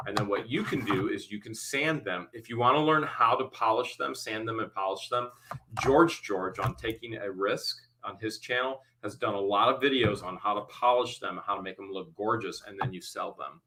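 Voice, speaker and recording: Bright-voiced man hosting a live auction. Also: fairly low pitch, poor audio. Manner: rapid auctioneer-style calling of bids, then relaxed explaining. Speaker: host. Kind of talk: live-stream auction and chat.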